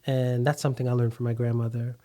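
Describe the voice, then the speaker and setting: A man speaks as a podcast guest with a warm, mellow voice, neither high nor low. He tells his business story steadily and thoughtfully, pausing on the odd filler. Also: flat delivery. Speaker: food company founder, guest. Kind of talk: conversational interview.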